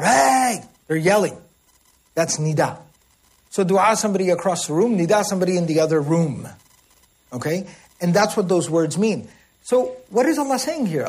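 A man's voice: high voice, breathy edge. A man teaching a religious language lesson, explaining word meanings and often checking in with his listeners. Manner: acts out calls and shouts.

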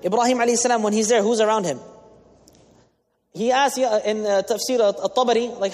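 A man's voice: very high-pitched, fast, darkish tone. A man giving a sermon as an imam, explaining Arabic terms with English glosses and asking the audience questions. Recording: long reverb of a large hall.

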